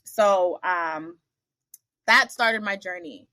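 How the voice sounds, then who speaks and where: Woman podcast guest, animated storyteller who does the voices of people in her anecdotes, blunt, mid-pitched, dry close sound. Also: very slow, dry recording. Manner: animated, acts out the other people in her stories; blunt, salty asides. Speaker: interview guest. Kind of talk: casual storytelling interview.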